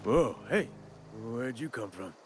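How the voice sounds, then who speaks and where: An actor playing a chatty, wry frontier gravedigger in a video game, talking in a folksy drawl with old-timey wording. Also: male voice, medium pitch, sing-song, slow, a little hiss or hum. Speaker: game character.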